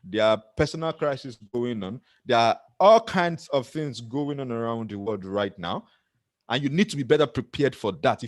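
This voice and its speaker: This middle-aged motivational speaker, who has a Nigerian accent, addresses the camera earnestly and laughs at himself a lot. His voice sits on the high side, recorded dry.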